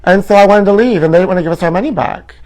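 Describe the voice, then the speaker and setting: Man, comedy show host, campy, sassy, theatrical, slightly high-pitched, tabloid gossip monologue. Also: racing, a little mellow.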